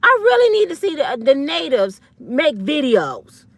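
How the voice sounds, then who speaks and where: A woman's voice: high voice, very animated, a little slow, no room sound. A woman in her fifties, an online commentator, delivering a blunt, fiery, profane rant full of slang. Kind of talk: ranting monologue.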